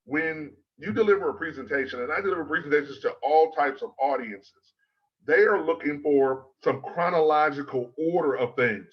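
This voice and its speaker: A man giving an instructional talk on presenting, measured and emphatic, stacking his key points in threes. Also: fairly high pitch. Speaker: presentation coach. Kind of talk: instructional talk to a speakers' club. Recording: slightly dull, lo-fi sound.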